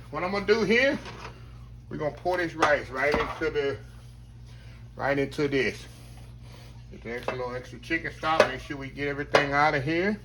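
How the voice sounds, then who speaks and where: Folksy man, bright voice. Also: a little high, slight background noise. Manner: folksy, talks to viewers as y'all, savoring noises. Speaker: cooking channel host. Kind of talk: casual cooking demonstration.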